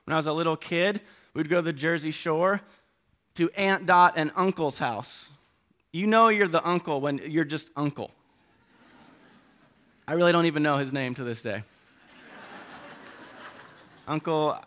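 Here a middle-aged man gives an animated sermon at a moderate pace, his pitch fairly high and his speech broken by frequent pauses. He moves back and forth between loud stresses and quiet side remarks.

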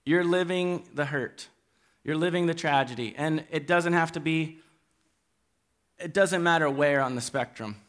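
A man preaching a sermon to his church, speaking in an earnest, halting way and pleading gently with his listeners. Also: on the high side. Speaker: pastor. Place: church hall.

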